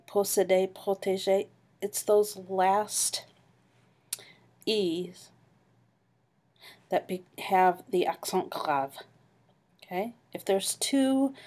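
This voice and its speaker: A woman's voice: on the low side, a little mellow. A woman teaching a French class online, patiently explaining grammar and modeling pronunciation. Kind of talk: online class review lecture.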